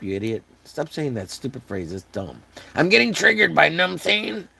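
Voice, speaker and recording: A man from Texas talks loosely to his live stream chat, rambling and cracking jokes. His voice is hoarse and gravelly, and it swings widely up and down as he riffs. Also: medium pitch, very animated, fairly quick, fairly bright tone, dry recording. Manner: joking, rambling, riffs on catchphrases. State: hoarse, voice wearing out.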